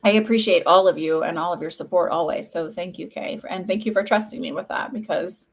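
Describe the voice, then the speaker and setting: A woman talking casually on a livestream as a psychic medium, chatty and warm, with lots of "like" fillers. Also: lowish voice, brisk, vocal fry, slightly rough. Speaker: psychic medium hosting live readings.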